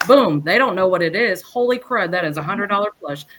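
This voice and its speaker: A woman guest on a podcast, chatting casually in a rambling, lively way and often restarting her sentences. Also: mid-range voice, a little fast. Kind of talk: casual chat.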